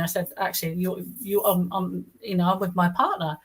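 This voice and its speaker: Over poor audio, a middle-aged woman talks a little fast in a fairly low, steady voice. Her casual first-person storytelling rambles, with many restarts and quoted speech that she acts out.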